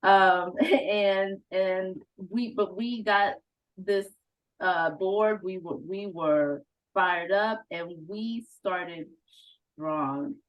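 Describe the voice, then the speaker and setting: A woman as outgoing conference president giving a heartfelt, halting thank-you speech, fighting back tears. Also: medium pitch, muffled recording. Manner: heartfelt, halting, with fillers and laughs.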